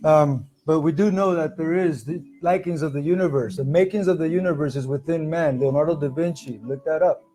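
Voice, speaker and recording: A man's fairly high, dark-toned voice moves fairly quickly with few pauses as he hosts a casual spiritual livestream from home. He chats loosely with viewers while soft music plays faintly in the background.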